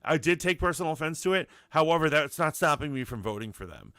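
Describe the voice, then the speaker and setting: A man co-hosting a casual political chat show, animated and joking, swearing freely. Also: a little high, fast talker, dry recording, studio quality. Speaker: co-host.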